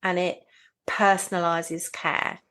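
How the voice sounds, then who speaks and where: A woman's voice: lowish voice, level tone, slow, fairly bright tone, clear, resonant tone, poor audio. A woman, a nurse, co-hosting a podcast in an earnest, conversational manner. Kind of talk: casual chat.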